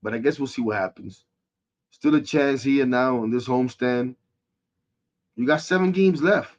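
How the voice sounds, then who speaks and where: A man rants about his team on a sports podcast, frustrated and animated. His mid-pitched voice jumps from loud outbursts to low muttering. The recording sounds dull and lo-fi. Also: normal speed. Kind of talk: casual sports rant.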